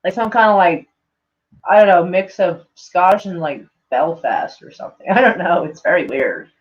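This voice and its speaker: A woman's voice: lowish voice, moderate pace. A woman vlogger reading tweets aloud and reacting in a rambling, casual way, full of "like" and frequent swearing. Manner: rambling, heavy on "like", swears often. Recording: dull lo-fi sound.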